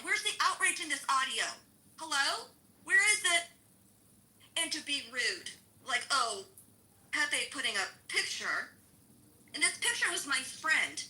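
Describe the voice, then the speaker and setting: A woman's voice: high voice, big pitch swings, unhurried, pauses often, sharp tone, rough recording. A middle-aged woman in a heated, sarcastic, swearing rant to a social audio room.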